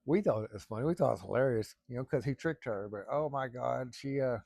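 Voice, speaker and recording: A man's voice: medium pitch, expressive, fast talker, vocal fry, darkish tone, no room sound, clean studio sound. A middle-aged man telling a long family story in a rambling, folksy way, with casual swearing. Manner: rambling, folksy, salty language.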